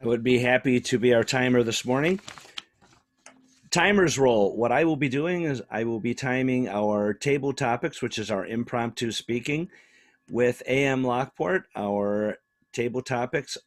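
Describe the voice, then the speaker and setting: A man's voice: mid-range voice, measured pace. A man explains the meeting's timing rules in a methodical, matter-of-fact way. The sound is dry, with no room echo. His voice reaches the listener over a video call. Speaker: meeting timer.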